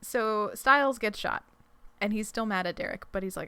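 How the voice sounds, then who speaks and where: A young adult woman co-hosting a podcast speaks fairly quickly in a medium-pitched voice that's pushed and bright, on a dry recording. She reads a fic summary aloud and chats casually, giggling, and her retelling rambles with fillers and restarts.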